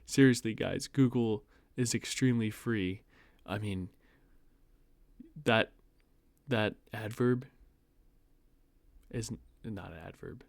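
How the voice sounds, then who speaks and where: A man's voice: lowish voice, unhurried, gravelly, no echo, clean studio sound. A young American man reads an online post aloud and breaks in with sarcastic, mocking asides in a casual commentary. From United States. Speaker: host reading online posts.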